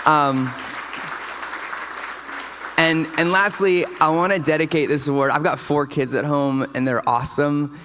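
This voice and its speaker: A man's voice: fairly high pitch, steady tone, measured pace, long pauses, crowd noise, background noise. A man giving a casual, enthusiastic award acceptance speech in a large hotel ballroom, telling stories to the audience. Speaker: award recipient. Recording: long hall reverb.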